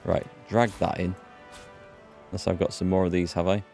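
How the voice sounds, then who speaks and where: A man's voice: low-pitched, little pitch movement, normal speed, gravelly, darkish tone. An English man rambling through casual let's play commentary as a gaming host. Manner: rambling, chatty, restarts often. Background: faint game music.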